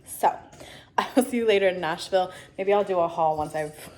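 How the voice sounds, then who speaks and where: A woman's voice: fairly low pitch, fairly quick, a little mellow. A woman chatting casually to her camera, exasperated and venting as she talks through her errands. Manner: ranting, exasperated, talkative. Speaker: vlogger.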